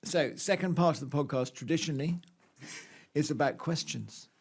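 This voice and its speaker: A man co-hosts a casual gardening podcast, and his voice sits a little high for a man. He talks in a wry, playful way, reaching for mock-grand phrases and trailing off into restarts. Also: moderate pace, creaky, soft background music. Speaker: podcast co-host.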